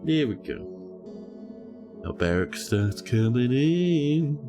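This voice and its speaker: A man's voice: mid-range voice, sing-song, takes it slowly, over music. A man with a New Zealand accent, casually commentating his game stream with playful, mock-dramatic teasing and a soothing voice.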